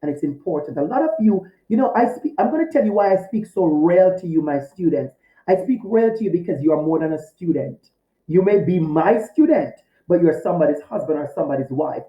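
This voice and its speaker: A man's voice: sits high, lively intonation, brisk, warm tone, echoey room, muffled recording. A male teacher speaking to his students in a recorded video lecture, heartfelt and direct, often repeating his key phrases. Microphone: recorded to camera for a video course.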